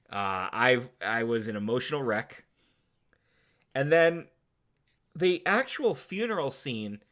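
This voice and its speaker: Excitable swearing man recapping a movie. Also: lowish voice. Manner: animated, swears a lot, acts out movie quotes. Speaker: podcast co-host. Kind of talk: casual chat.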